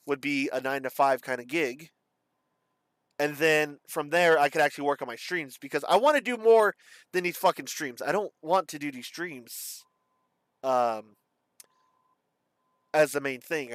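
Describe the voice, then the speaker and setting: Rambling young man, halting speech. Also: on the high side, fairly bright tone, no room sound. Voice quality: slight lisp or slur. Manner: rambling, halting, self-described stutter. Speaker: streamer. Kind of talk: casual vlog monologue.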